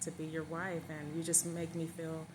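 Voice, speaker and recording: A woman's voice: low-pitched, completely flat delivery, moderate pace, background noise, lightly acted. A woman voicing Tasha, an adult wife who talks in a sugary, reassuring way. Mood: sweet.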